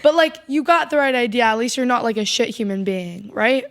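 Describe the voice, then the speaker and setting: High-voiced young woman telling animated stories. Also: brisk. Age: young adult. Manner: animated storyteller, mimics voices. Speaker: podcast co-host. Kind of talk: casual chat.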